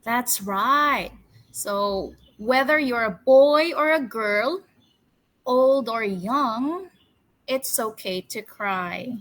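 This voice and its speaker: A woman teacher runs a storytelling lesson for young children, her voice sitting a little high and ringing bright. She speaks very slowly, with cheerful coaxing questions, and has the class repeat each word after her. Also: expressive, rough recording. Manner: drills words with slow call-and-response repetition. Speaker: English teacher.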